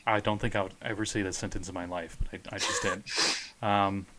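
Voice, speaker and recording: Laid-back male game master, low voice. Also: steady tone, a little fast, noisy background. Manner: joking, casual, pop-culture references. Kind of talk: running a tabletop game.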